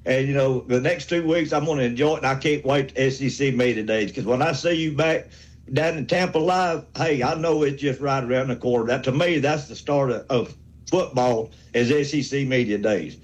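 A man's voice: mid-range voice, moderate pace, low-quality recording. A man, calling in to a sports radio show with a rambling, fired-up rant. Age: 60s. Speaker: caller.

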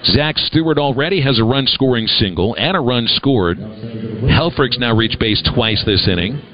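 A man's voice: mid-range voice, lively intonation, lo-fi sound, crowd noise. Man calling baseball play-by-play. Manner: brisk, conversational call with dry humor. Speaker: play-by-play announcer. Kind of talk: live baseball play-by-play commentary.

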